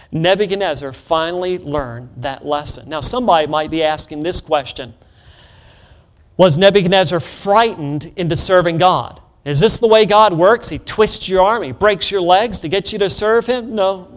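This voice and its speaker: A man preaching a sermon, leading the congregation to repeat phrases back, rushing through asides and slowing hard on emphatic lines. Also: a little high. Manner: call-and-response, leads congregation in repeating phrases; swings between quick asides and slow emphatic declarations.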